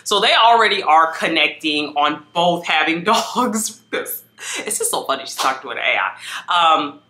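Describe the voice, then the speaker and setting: Chatty animated woman recapping. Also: sits low, a little slow, echoey room, a little hiss or hum. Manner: chatty, animated, quoting people in exaggerated voices. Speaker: vlogger recapping a reality show. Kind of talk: casual recap chat.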